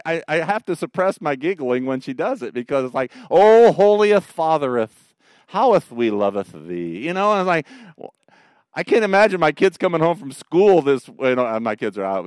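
A man preaching a sermon as a pastor, folksy and animated, with joking asides. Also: medium pitch, dry recording, studio quality.

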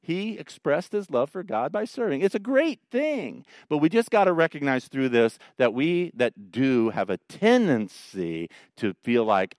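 A man preaching a sermon as a pastor, folksy and animated, with joking asides. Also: fairly high pitch, a little slow, few pauses, no echo, studio quality.

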